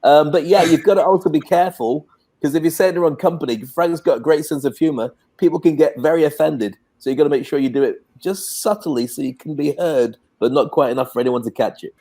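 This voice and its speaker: A man's voice: a little high, fast talker, dark tone. A British man co-hosting in casual chat, chatty and self-deprecating. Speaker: co-host.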